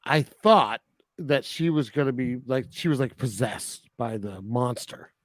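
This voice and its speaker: A man's voice: mid-range voice, animated, measured pace, no echo. A man with a mid-range voice recaps film scenes in a loose, conversational way. The recording is dry and close. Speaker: podcast co-host. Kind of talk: casual film review chat.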